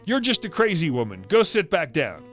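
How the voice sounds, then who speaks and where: A man's voice: a little high, wildly swooping pitch, normal speed, a bit bright, soft background music. A man playing a sly, teasing husband.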